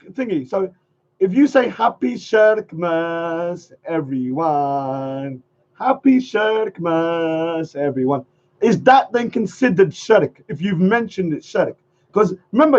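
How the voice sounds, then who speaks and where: A man's voice: high voice, darkish tone, breathy edge. A man hosting a casual livestream chat, rambling loosely and repeating phrases, chuckling often. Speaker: livestream host. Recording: muffled lo-fi stream audio.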